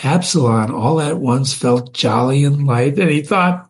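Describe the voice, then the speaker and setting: A man reading a classic comic poem aloud, pausing to explain words and images to his listeners. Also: medium pitch. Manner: slow, explaining asides to listeners. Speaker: reader of classic poetry.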